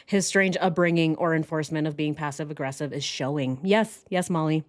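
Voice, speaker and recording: A woman's voice: deep voice, fairly quick. A woman hosting true crime commentary, talking sarcastically and speaking straight to her viewers. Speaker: host.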